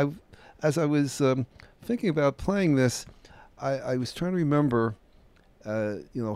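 An older man from the United States hosting a radio show, chatting casually and hesitantly with many fillers and soft chuckles. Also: medium pitch, no room sound. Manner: hesitant and rambling, full of uh and um, chuckles to himself. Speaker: radio host introducing records. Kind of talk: casual chat.

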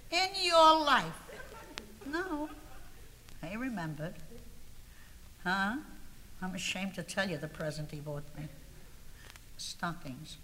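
A woman's voice: low-pitched, a bit bright, in a large hall, slight background noise. A woman performing a comic monologue to a live audience, confiding and aggrieved, building to indignant outbursts. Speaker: comic storyteller.

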